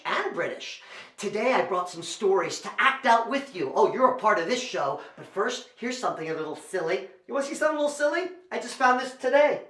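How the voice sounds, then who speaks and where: A man's voice: sits high, fairly bright tone. A man performing as a children's entertainer and storyteller, talking straight to kids at home with a playful, exaggerated show delivery. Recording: roomy echo.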